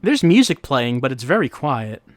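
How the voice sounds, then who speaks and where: Hosting a let's-play, a man muses wryly and thinks aloud through casual commentary as he plays. His medium-pitched voice swings widely at a moderate pace, the recording is dry, and game music plays faintly.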